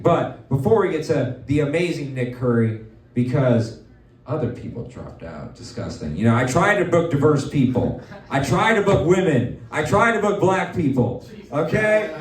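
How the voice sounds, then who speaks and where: Brief: loud, manic male comedy host with a lively, swooping voice, recorded in a roomy club. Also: medium pitch, moderate pace. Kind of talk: stand-up comedy hosting. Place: live comedy venue with audience. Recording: roomy live venue, mic at a distance.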